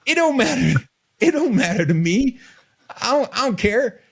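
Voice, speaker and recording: A man putting on a high, squealy, fast-talking impression of his co-host, drawling carelessly. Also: big pitch swings, vocal fry, a bit bright, heavily acted. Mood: mocking.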